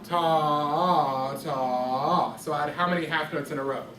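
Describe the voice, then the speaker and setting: A man's voice: a little high, steady tone, very fast, sharp tone. A man teaching a music class, patiently quizzing his students by name. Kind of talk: classroom instruction. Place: echoey classroom. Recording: distant echoey classroom with background noise.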